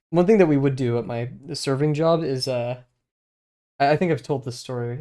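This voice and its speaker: A man's voice: medium pitch, normal speed, mellow. A man streaming himself drawing, thinking aloud in a rambling, hesitant way with lots of fillers and small self-deprecating laughs. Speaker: streamer learning to draw.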